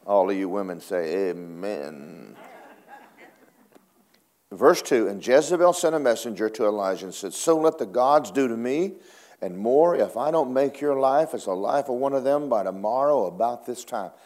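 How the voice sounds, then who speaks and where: A male preacher delivers his sermon with a very animated, wide-ranging pitch. He drops to low murmurs, then leaps into high, dramatic cries. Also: normal speed.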